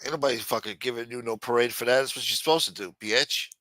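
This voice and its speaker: A middle-aged man rants bluntly, swearing at every turn, his voice bright and forceful. The sound is dry and close with no room around it. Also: mid-range voice, fast talker, no room sound. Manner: blunt, heated, swears constantly. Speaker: live-stream host. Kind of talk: profane ranting monologue.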